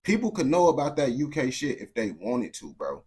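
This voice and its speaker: A man's voice: medium pitch, sing-song, moderate pace, warm tone. A young American man streaming to his chat, talking bluntly in heavy slang, often restarting and repeating words. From United States. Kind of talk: casual unscripted rant to viewers.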